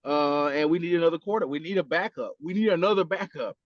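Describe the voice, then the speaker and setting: A man with a fairly high voice talks casually on a podcast, animated and full of swearing. He acts out little quoted exchanges as he goes. The recording is dry and a little muffled. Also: fast talker, no room sound. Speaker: podcast co-host. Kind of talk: casual chat.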